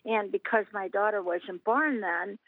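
A woman's voice: mid-range voice, measured pace, vocal fry, no room sound. Woman in her eighties on a phone line. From Missouri, US. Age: 80s. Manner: earnest storyteller, acts out quoted voices. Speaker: interview guest. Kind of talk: telling a faith testimony.

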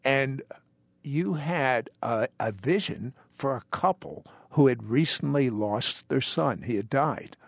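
An older man hosts an interview and asks a guest questions. He sounds measured and inquisitive. His voice is close and dry. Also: mid-range voice, vocal fry, no echo. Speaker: interview host.

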